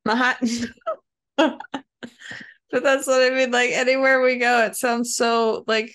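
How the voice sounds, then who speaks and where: A woman co-hosting a casual book podcast, chatty and quick to laugh. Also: fairly high pitch, little pitch movement, fairly bright tone, clean tone. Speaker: podcast co-host. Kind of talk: casual book-club chat.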